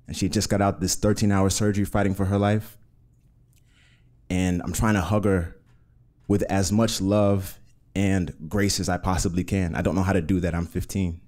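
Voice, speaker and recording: A man telling a personal story on stage in an earnest, measured way, in vivid present tense. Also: low voice, level tone, darkish tone. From Uganda.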